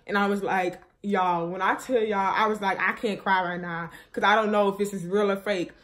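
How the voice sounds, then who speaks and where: A woman's voice: mid-range voice, fairly even intonation, moderate pace, a bit bright. A young woman vlogger, telling viewers a painful personal story in a rambling, grieving way, full of fillers and restarts. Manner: grieving, subdued and shaky.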